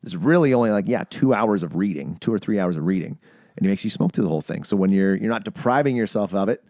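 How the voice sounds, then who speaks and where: A man hosting a casual podcast, telling stories with lively, acted-out quotes. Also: lowish voice, fast talker, dry recording, clean studio sound. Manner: animated storyteller, acts out quoted voices. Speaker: podcast host.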